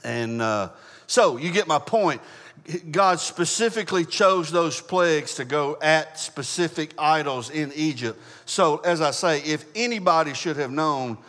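A man preaching from Scripture in a big hall with a long reverb tail. His voice sits a little high for a man. He stumbles, restarts and clears his throat, with folksy asides between verses. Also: lively intonation, fairly bright tone. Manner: halting, many fillers and restarts, folksy asides. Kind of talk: Bible teaching sermon.

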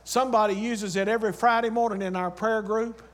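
A man's voice: high voice, steady tone, a little fast. A man preaching a sermon, urging his congregation with repeated phrases and calling out to them. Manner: swings from loud urging to quiet storytelling.

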